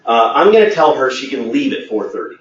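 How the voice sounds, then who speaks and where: A man's voice: mid-range voice, sing-song, fairly quick. A man as a sales trainer, telling a workplace anecdote in a training webinar and acting out the quoted dialogue. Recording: echoey, distant, muffled.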